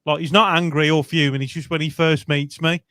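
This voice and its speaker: A man's voice: on the high side, fairly even intonation, fairly quick, a bit bright, dry recording. A young man hosting a casual fan podcast, chatty and laughing as he tells stories. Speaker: fan channel host.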